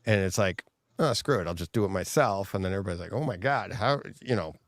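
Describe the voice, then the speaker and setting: A man's voice: low-pitched, lively intonation, fast, no echo, studio quality. A man co-hosting a podcast in casual chat, telling rambling stories and laughing often mid-sentence. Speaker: podcast co-host.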